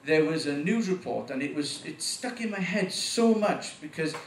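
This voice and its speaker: A nervous man in his forties does his first stand-up set in a high, bouncy voice that keeps swinging up and down. He rambles, swears and chuckles at his own jokes. He is picked up from a distance in an echoey room with a faint background hum. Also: animated, normal speed. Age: 40s. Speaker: first-time stand-up comic. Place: small venue with live audience.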